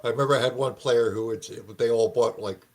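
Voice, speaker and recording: A man with a fairly low voice telling tabletop game anecdotes. He speaks quickly and sounds amused. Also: fairly even intonation, a little mellow. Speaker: tabletop gamer. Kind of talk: casual chat.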